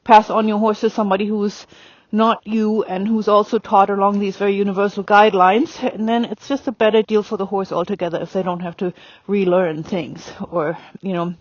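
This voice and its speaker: A woman's voice: mid-range voice, little pitch movement, a little fast, few pauses, no room sound, lo-fi sound. A woman riding instructor talking through a demonstration on horseback outdoors, chatty with lots of fillers, calling commands to her horse.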